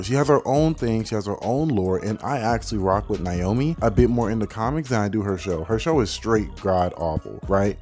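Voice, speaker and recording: A man's voice: lowish voice, darkish tone. A young man giving a heated, dismissive rant as a video commentator, packed with filler words and swearing. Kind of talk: casual ranting commentary.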